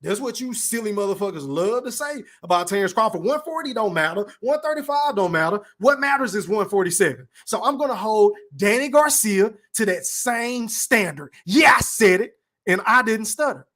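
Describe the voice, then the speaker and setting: A brash man with a high-pitched voice runs a live podcast stream. He reads chat comments aloud and peppers his casual talk with profanity. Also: expressive. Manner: brash, profane, drawn-out shout-outs.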